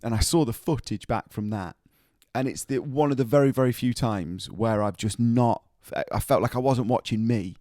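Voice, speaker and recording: A man's voice: mid-range voice, moderate pace, few pauses, mellow, dry recording, studio quality. A man co-hosting a podcast, telling rambling stories in casual chat. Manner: chatty, rambling storyteller. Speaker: podcast co-host, singer.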